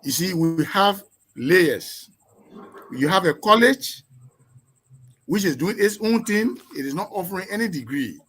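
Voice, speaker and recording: A man from Liberia, an education professor, answering interview questions in an emphatic, lecturing way, firing off strings of rhetorical questions and swinging sharply between loud and soft, quick and slow. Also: high-pitched, lively intonation, husky. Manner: sweeping shifts in loudness and pace.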